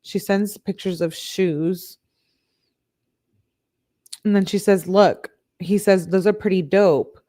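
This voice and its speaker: A woman who hosts a true crime channel, reading text messages aloud on a live stream. She reads the quoted messages in a flat way and breaks off to talk with her chat. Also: mid-range voice, slow pace, long pauses.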